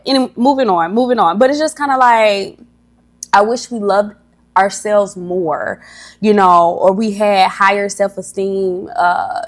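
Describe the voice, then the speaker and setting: A young woman talks straight into her mic on a casual livestream, rambling and encouraging. She is a little nervous and often stumbles and restarts her thoughts, filling gaps with easy conversational asides. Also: mid-range voice. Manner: chatty, rambling, stumbles over words. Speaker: livestream host. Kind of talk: casual motivational livestream talk.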